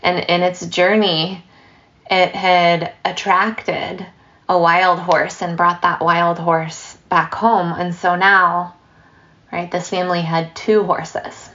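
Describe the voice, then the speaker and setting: A woman giving a dharma talk as a meditation teacher, relaxed and storytelling, with light laughs and asides. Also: on the low side, slow pace, highs cut off.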